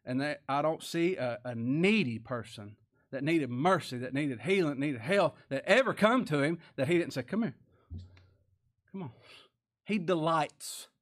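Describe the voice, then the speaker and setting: A preacher delivers his sermon with a voice a touch higher than most men's. He keeps climbing into loud, ringing emphasis, then falls back into hushed asides. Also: lively intonation, moderate pace. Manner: preaching with sudden rises in pitch and volume, dropping to quiet asides. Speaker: pastor.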